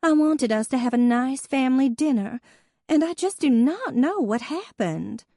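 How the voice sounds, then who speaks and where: A woman voicing a fussy, easily flustered older sister with a high, prim, tremulous voice. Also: animated, moderate pace, dark tone, no room sound, studio quality.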